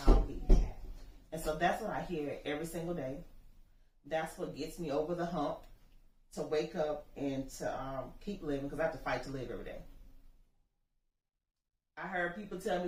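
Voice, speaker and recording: Woman, low voice, impassioned storyteller, echoey room, mic set far off. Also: normal speed. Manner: earnest, impassioned storytelling that acts out dialogue. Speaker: bereaved mother telling her story. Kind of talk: personal testimony interview. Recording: echoey room, distant mic, faint noise.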